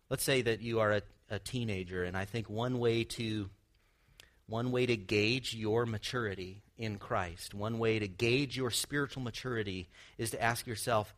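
Guy with a lowish voice giving a sermon, earnest teaching, asks lots of questions, chuckles here and there. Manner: earnest teaching with light laughs and rhetorical questions. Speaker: pastor.

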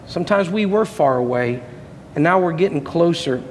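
A man preaching a sermon as a pastor, impassioned, swinging between soft reflective passages and loud rising peaks. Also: a little high, expressive, normal speed, slight background noise. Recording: long hall reverb, faint ambience.

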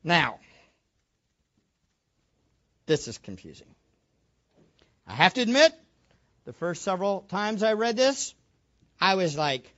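A man's voice: sits high, sing-song, measured pace, pauses often, a bit bright, muffled recording. A man preaching a sermon, asking questions of the congregation and stressing his points. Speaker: pastor.

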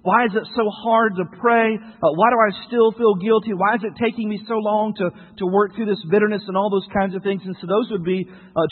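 A man's voice: high-pitched, slightly rough. Male pastor, 30s, earnest sermon delivery, tinny thin sound. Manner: earnest, questioning, repeats key phrases. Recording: tinny, echoey hall sound.

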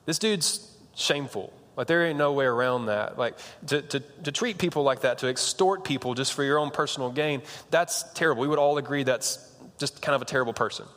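A man's voice: mid-range voice, a little fast, a bit bright, long reverb tail. A young man preaching a sermon in a casual, conversational way, with slang and frequent restarts. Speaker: pastor.

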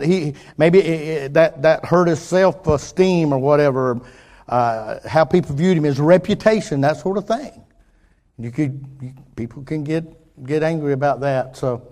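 A man preaching a sermon in an earnest, halting way, often restarting his sentences and swinging between loud and quiet. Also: medium pitch. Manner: earnest, halting with many restarts, rising and falling in intensity. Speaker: pastor.

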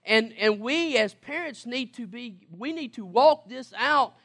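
A man's voice: extremely high pitch, expressive, measured pace, fairly bright tone. A man preaching a sermon, emphatic, repeating words and asking the congregation questions. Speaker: pastor.

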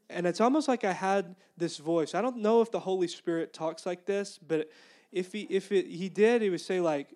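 A man preaching a sermon in a fairly high voice. He keeps it conversational and earnest, and slips into the inner voices he once heard. He sounds like a young pastor. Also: a little fast, darkish tone. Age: young adult.

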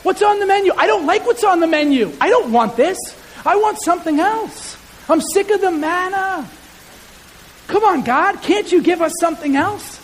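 A man's voice: very high voice, expressive, normal speed, voice pushed up. A man voicing a whining ancient Israelite who nags and complains about the food. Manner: whiny, nagging, exasperated. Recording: hall reverb with faint hiss.

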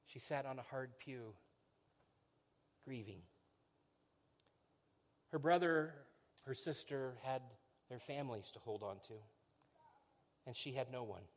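A middle-aged man preaching a sermon in a conversational storytelling way, often repeating words as he starts a phrase and sinking low and quiet on solemn lines. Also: slow, pauses often. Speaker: pastor.

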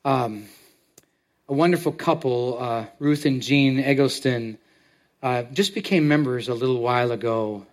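A man preaching a sermon as pastor to his congregation, talking in a halting way and often repeating words as he tells a story. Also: mid-range voice. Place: church sanctuary.

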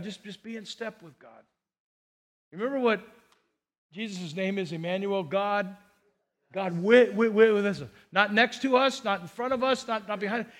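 A man preaching a sermon, who breaks into whiny, acted-out prayers to make his points. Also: a bit bright. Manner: acts out whiny prayers in a higher voice. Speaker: pastor.

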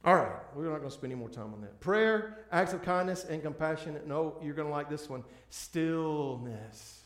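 In an echoey church sanctuary, a man preaches as pastor with a higher voice, lively intonation, and moderate pace. His delivery is earnest and pleading, with frequent restarts of his sentences.

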